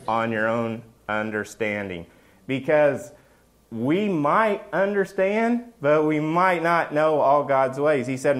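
A man's voice: on the high side, slow. A middle-aged man giving a casual, joking sermon as a pastor, often checking in with the congregation by asking "right?".

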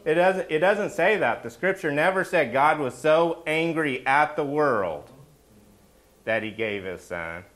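A man preaching a conversational sermon as a pastor, animated and often asking the congregation questions. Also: a little high, measured pace.

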